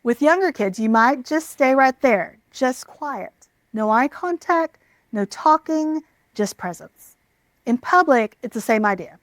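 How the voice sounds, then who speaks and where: A woman with a slightly high voice gives parenting advice in a calm, measured, reassuring way. She is recorded close to the mic in a dry room. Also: no room sound. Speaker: parenting educator.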